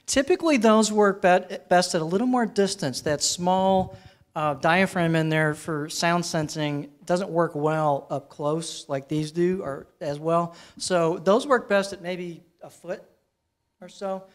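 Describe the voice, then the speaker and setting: A man presenting a live workshop on using microphones, talking in a relaxed, conversational way and asking his audience questions while he switches between handheld and headset mics. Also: sits high, measured pace. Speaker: presenter teaching microphone technique. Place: presentation room with a sound system. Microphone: handheld and headset microphones, switched during demo.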